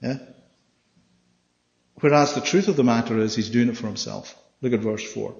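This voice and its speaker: A man preaching a Bible study sermon, animated and often checking with his listeners through questions. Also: mid-range voice, moderate pace, vocal fry, pauses often. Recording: echoey hall, dull sound.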